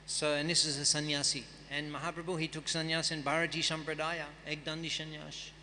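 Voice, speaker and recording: At a temple festival, a guest speaker with a slightly high, pushed, bright voice gives a scripture class in a temple hall, speaking briskly with flat delivery. He reads and chants verses, then explains them conversationally, and the big-room recording has a little hiss or hum.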